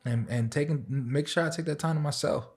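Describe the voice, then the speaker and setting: A young man, a DJ and chef, chatting as a podcast guest and laughing through his animated stories. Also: fairly high pitch, fairly quick. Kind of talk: casual podcast chat.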